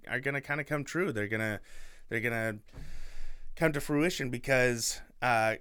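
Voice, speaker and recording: A man's voice: medium pitch, moderate pace, fairly bright tone, smooth. A young man co-hosting a podcast, casually retelling a book with lots of fillers and restarts. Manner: rambling, filler-heavy storytelling. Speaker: podcast co-host.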